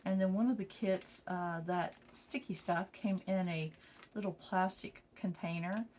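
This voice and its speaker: A woman chats through a home craft tutorial in a low-pitched, easygoing voice. She sounds a little tired and talks folksily to her viewers. Crinkling plastic and small clicks are clearly heard behind her. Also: steady tone, unhurried, noisy background. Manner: chatty, folksy, addresses viewers as y'all. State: tired, yawning. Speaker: craft vlogger. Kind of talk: casual craft tutorial chat.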